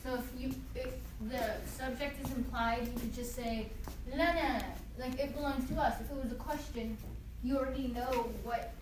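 A woman explaining grammar during a class, her voice fairly high. She sounds far from the microphone in a very echoey room. Clear background noise runs under her words. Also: flat delivery, moderate pace. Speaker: student. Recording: distant, echoey and noisy classroom.

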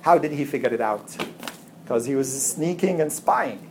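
A woman casually telling a religious story to a child, animated, acting out voices and laughing often. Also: sits low, moderate pace, a little hiss or hum, low-quality recording.

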